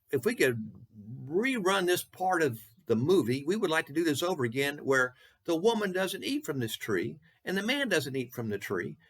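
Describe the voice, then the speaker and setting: A preacher from Texas delivers a short devotional with a gravelly, somewhat husky voice. He speaks earnestly, rising for emphasis and slowing down to repeat his questions. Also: mid-range voice, fairly bright tone.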